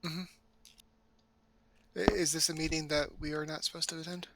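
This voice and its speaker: Gravelly, higher-voiced hesitant player man. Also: flat delivery, normal speed, heavy background noise. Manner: hesitant, stumbling restarts. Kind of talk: casual tabletop game chat.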